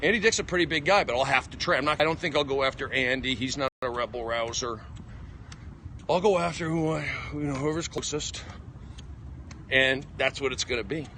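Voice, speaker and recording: Excitable comedian ranting on a walk. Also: male voice, medium pitch, a little fast, slight background noise. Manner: excitable, emphatic, jumping between topics. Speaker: stand-up comedian. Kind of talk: rambling livestream monologue. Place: outdoors on a walk. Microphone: phone.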